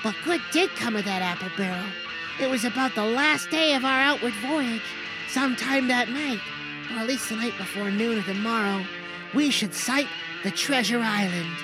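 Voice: mid-range voice, moderate pace, lightly acted, rough recording. A performer playing a young cabin boy who narrates a sea voyage. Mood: earnest. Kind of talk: storybook narration in a comedy sketch. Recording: music playing under the voice.

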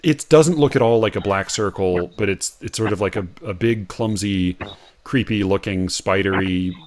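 An American man co-hosting a casual talk about poetry. He speaks with many fillers and restarts and gets animated when he makes a point. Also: fairly low pitch, normal speed, a little hiss or hum. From United States. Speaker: podcast co-host.

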